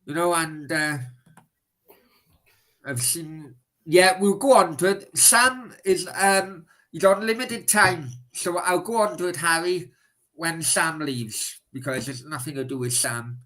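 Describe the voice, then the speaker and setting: A man's voice: on the high side, slow pace, bright, forceful tone, rough recording. A man hosting a live stream, answering viewer questions in blunt, casual chat and swearing freely.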